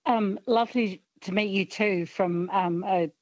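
A woman's voice: medium pitch, fairly even intonation, measured pace, no room sound. A woman in her late fifties from South Australia with an Australian accent, phoning in to a radio quiz, hesitant and self-deprecating. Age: 50s. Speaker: caller. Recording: dull phone line.

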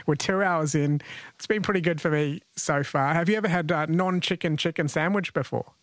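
A man hosting a call-in radio quiz, chatty and playful, often laughing with callers. His voice is a touch high for a man. The studio sound is dry and close. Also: a little fast, a bit bright, no echo. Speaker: radio host.

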